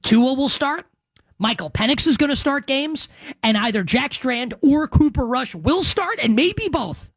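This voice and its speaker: A man's voice: extremely high pitch, a little slow, no room sound. Brief: male sports radio host, punchy and emphatic, dry close mic. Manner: emphatic, animated, crude joking asides. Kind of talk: sports radio and podcast predictions.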